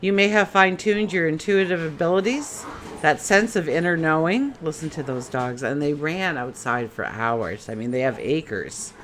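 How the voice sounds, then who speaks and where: A woman's voice: low-pitched, animated, moderate pace, a bit bright, a little hiss or hum. A woman giving a casual daily tarot reading in a chatty way, asking many rhetorical questions. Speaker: tarot reader.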